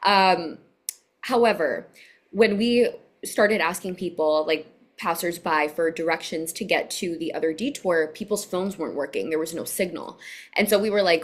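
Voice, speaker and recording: A young woman recounting events in an interview. She is chatty and animated and tends to fill pauses with "um." Her voice sits a bit low for a woman. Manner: animated storytelling with many fillers. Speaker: guest. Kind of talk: interview answers.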